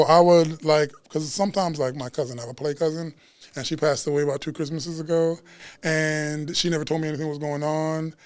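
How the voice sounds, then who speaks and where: A man who works as a chef and Reiki practitioner, chatting as a guest at a live podcast taping in a bookstore and telling stories in an animated, slangy way. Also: a little high, clear, resonant tone, no echo. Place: bookstore event space.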